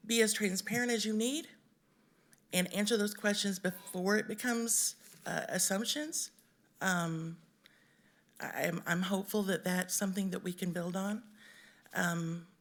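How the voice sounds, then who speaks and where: A woman from Missouri giving an unprepared, emotional public comment at a city council meeting, halting with many ums. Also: on the low side. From Missouri, USA. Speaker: resident speaking in public comment.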